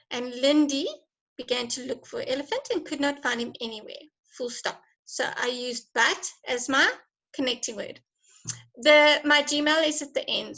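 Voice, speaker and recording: Bright, high-voiced encouraging woman teacher. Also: low-quality recording. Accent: South African. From South Africa. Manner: encouraging, chatty, laughs often. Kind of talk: online class lesson.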